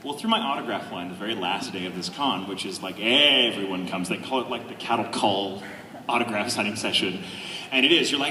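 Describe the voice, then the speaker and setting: Voice actor guy on a con panel, animated, roomy echoey sound with some noise. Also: lowish voice, a little fast. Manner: animated storyteller, laughs often. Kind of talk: casual anecdote to a live audience. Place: large convention hall. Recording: echoey hall, distant noisy mic.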